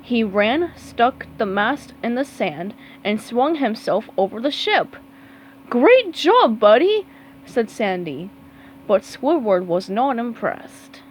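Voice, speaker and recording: A woman reading a children's storybook aloud in an expressive way. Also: on the high side, slight background noise, low-quality recording. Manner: slow, expressive read-aloud. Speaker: storybook reader.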